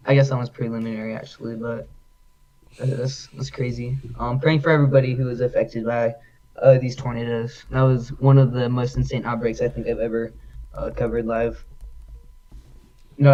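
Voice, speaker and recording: Male stream guest, relaxed chat, muffled low-fi audio. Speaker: guest storm chaser on stream. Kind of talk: casual livestream chat. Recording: dull lo-fi mic.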